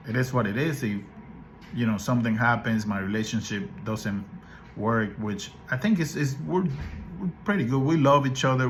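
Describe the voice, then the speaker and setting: A man's voice: mid-range voice, a bit bright, a little hiss or hum. A man hosting a casual talk show, giving opinionated, incredulous commentary that rambles with restarts. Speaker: podcast host.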